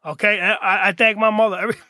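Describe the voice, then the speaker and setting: A man's voice: high-pitched, rapid-fire, dry recording, clean studio sound. A middle-aged man telling blunt stories from his past in a casual podcast chat, acting out the voices of the people in them. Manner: animated storyteller, acts out quoted voices, swears freely. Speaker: podcast guest.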